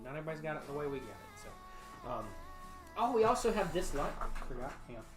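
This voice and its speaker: Talking fast over loud music, a man with a fairly high voice and big pitch swings hosts a livestream from his home bar room, its walls lined with sound foam. He chats casually with viewers in a rambling, laid-back, folksy way, leaning on lots of fillers.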